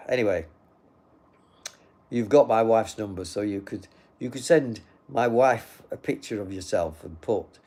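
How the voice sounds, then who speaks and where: Sleepy and yawning, an older man hosting a livestream responds to live comments on a phone in a slightly mellow, lowish voice. He rambles casually and dryly at a measured pace, with long pauses.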